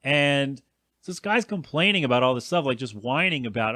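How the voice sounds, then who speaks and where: A man's voice: medium pitch, lively intonation, brisk, sharp tone, dry recording. A man in his thirties hosting a solo podcast, rambling in a chatty, self-deprecating way and answering his own asides. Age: 30s. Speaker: podcast host.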